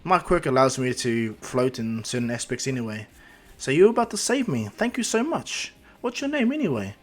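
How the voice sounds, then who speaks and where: A man's voice: medium pitch, very animated, normal speed. Casting note: easygoing, self-assured teen hero, voiced by a male storyteller. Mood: confident. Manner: easygoing, polite, firm when pushed. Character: confident friendly teenage boy hero.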